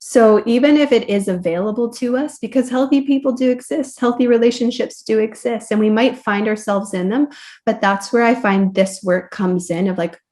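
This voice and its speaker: A woman's voice: on the high side, moderate pace, darkish tone. A woman therapist guest in a podcast interview, explaining ideas reflectively with loose, casual fillers.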